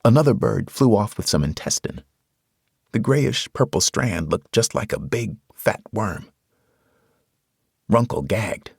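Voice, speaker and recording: A man's voice: on the low side, lively intonation, a little slow, gravelly, pauses often, husky, no room sound, studio quality. A man narrating a horror audiobook in the first person, with dramatic storytelling.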